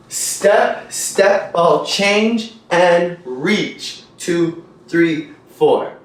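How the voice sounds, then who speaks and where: A man's voice: sits high, animated, very slow. Young man, dance instructor, upbeat, counts and scats beats, very echoey room, distant mic.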